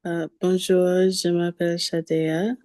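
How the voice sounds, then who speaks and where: A woman from Jamaica, haltingly practicing a self-introduction as a student in a language class. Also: fairly low pitch, level tone, warm tone, no room sound. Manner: halting, with hesitation sounds.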